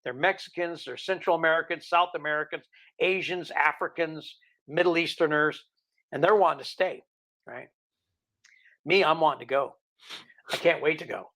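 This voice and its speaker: A man's voice: a little high, normal speed, pauses often, fairly bright tone. A middle-aged man from the UK, a guest telling casual, rambling stories full of quoted dialogue. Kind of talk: casual storytelling.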